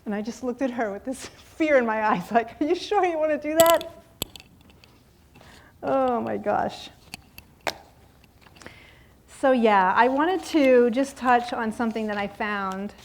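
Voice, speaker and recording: A woman in her fifties telling a lively personal story in a sermon, acting out voices and laughing often. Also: fairly high pitch, a little slow, a little hiss or hum. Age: 50s. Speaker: guest speaker at a church service.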